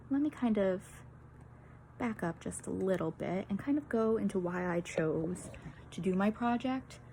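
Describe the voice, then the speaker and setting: A woman's voice: mid-range voice, a little mellow, a little hiss or hum. Nervous young woman presenting to peers. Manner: nervous, many fillers and laughs, apologetic. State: out of breath. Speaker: student presenter. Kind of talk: peer-teaching presentation.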